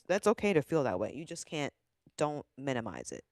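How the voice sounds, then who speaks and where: A woman's voice: low-pitched, sing-song, brisk, darkish tone, no echo, clean studio sound. A woman co-hosting a podcast, chatting casually and giving earnest advice. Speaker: podcast co-host. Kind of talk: casual chat.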